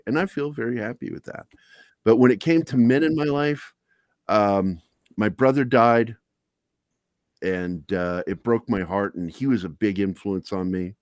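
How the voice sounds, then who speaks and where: A man's voice: lowish voice, dry recording, clean studio sound. A middle-aged man hosting a talk show, telling candid personal stories in a blunt, profane, self-deprecating way. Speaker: podcast host.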